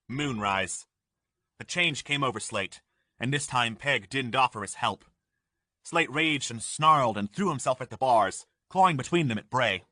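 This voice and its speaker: A man narrating an audiobook in measured storytelling, recorded on a studio microphone. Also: mid-range voice, expressive, bright, forceful tone, no echo. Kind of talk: scripted narration.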